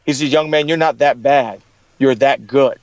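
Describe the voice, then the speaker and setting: A man's voice: mid-range voice, moderate pace, no room sound, dull audio. A middle-aged man in an interview, telling stories with energy and acting out the people he quotes. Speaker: guest. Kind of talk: storytelling in an interview.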